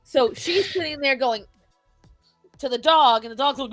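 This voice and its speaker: A woman's voice: high voice, moderate pace, no room sound, soft background music. A woman co-hosting a casual talk show, speaking emphatically and acting out quotes as she makes her points. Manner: emphatic, opinionated, acts out quotes. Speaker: podcast co-host. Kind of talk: casual chat on pet behavior.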